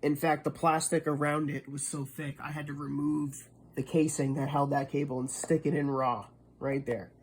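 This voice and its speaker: A man's voice: on the high side, flat delivery, normal speed, slight background noise. A man from the Boston area ranting casually, profane and rambling, restarting as he explains. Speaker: streamer.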